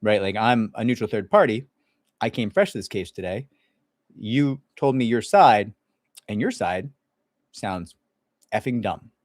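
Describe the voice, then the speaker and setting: A man's voice: lowish voice, lively intonation, measured pace, pauses often, no room sound, clean studio sound. A man talking as an employment attorney in a casual livestream Q&A, blunt and sarcastic, mocking people in put-on voices. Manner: blunt, sarcastic, acts out others in mock voices.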